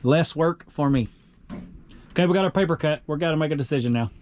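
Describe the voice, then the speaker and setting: He's a young carpenter with a slightly high voice and a quick pace, casually chatting and joking for his vlog while he works. Outdoor noise from the cold construction site by the river is loud throughout.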